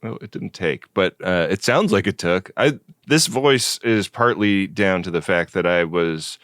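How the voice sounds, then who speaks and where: A man co-hosting a podcast in casual comedic chat, with a rough, groggy morning voice. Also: low-pitched, a little slow, fairly bright tone, no echo, studio quality. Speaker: podcast co-host.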